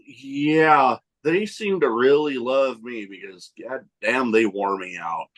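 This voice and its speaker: A man co-hosting a casual podcast chat, animated and swearing freely, a little out of breath. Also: mid-range voice. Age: adult with nieces and nephew. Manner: animated, swearing, quick asides. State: a little winded. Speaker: podcast co-host.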